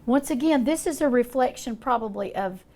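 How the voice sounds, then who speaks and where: Older lady painting on a show, gravelly voice, chatty and folksy, faint hiss behind. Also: fairly high pitch, animated, normal speed, darkish tone. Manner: chatty, folksy, thinking aloud while painting. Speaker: art teacher. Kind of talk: painting demonstration.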